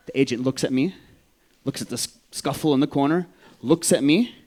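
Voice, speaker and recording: A man, from Vancouver, telling a personal story on stage in an animated, profane way, acting out the voices. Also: medium pitch, fairly quick. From Vancouver, Canada.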